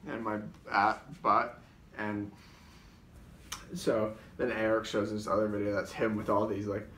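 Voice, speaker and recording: A man's voice: on the low side, a bit bright, slight background noise. Man telling rambling sketch stories, far from the mic in a roomy space. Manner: rambling, full of filler words and restarts. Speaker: comedy show co-host. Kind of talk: rambling comic recollection. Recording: roomy echo, distant mic.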